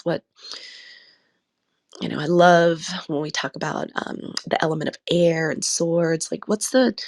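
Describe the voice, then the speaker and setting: With a fairly low pitch and some vocal fry, a woman hosts a live tarot journaling session. She's a tarot reader who chats warmly with her listeners, laughs often and says "y'all."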